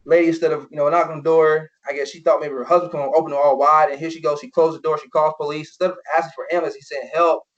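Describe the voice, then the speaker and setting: A man's voice: fairly high pitch, level tone, rapid-fire, few pauses. A young man, a former football player, telling personal stories as a podcast guest, earnest and full of "you know" fillers. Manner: earnest, many "you know" fillers, acts out quoted voices. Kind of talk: personal storytelling in an interview. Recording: dull lo-fi podcast audio.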